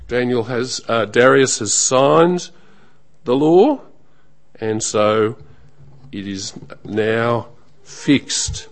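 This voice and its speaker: Slow, measured male preacher. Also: medium pitch, expressive. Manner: measured, emphatic preaching with falling, trailing phrase ends. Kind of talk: sermon.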